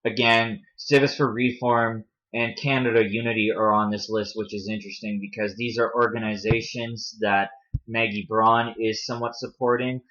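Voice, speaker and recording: A man's voice: on the low side, a bit bright. Rambling man, dull lo-fi recording. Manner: rambling, self-correcting, stumbles over names. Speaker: commentary video host. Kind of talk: casual commentary over read-out web pages.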